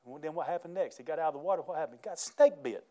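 A man delivers a sermon in a folksy, animated way. His voice sits a bit high for a man, and he breaks into laughter between his points. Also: racing. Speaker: pastor.

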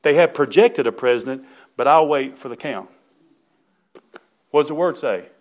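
Male pastor, middle-aged; fervent sermon delivery, frequent amens, surges to loud emphasis. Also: mid-range voice, moderate pace.

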